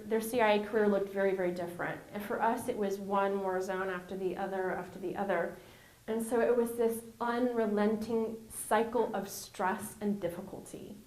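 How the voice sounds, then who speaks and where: A middle-aged woman in an interview, telling her stories in an animated way and acting out the voices she quotes. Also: medium pitch. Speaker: former intelligence officer, guest. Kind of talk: interview storytelling. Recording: roomy reverb.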